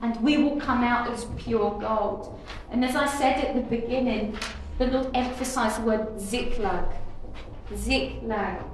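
A woman's voice: fairly high pitch, unhurried. A woman giving an earnest, declarative devotional message, often repeating and restarting her phrases. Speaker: preacher. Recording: very echoey room with faint noise.

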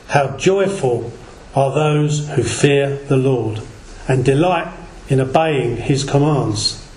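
A man preaching to a small gathering, reading scripture slowly and deliberately and sometimes stumbling over words and correcting himself. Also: on the high side, a little mellow. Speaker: lay preacher. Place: small gathering in a reverberant room. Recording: echoey room recording.

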